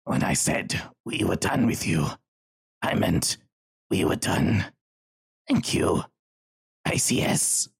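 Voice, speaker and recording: A man voicing a sinister cowled male creature with extra finger joints, speaking in a slow, whispery, menacing way in a tabletop game. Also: deep voice, lively intonation, gravelly, slightly rough, pitched below the performer's own voice, full character voice.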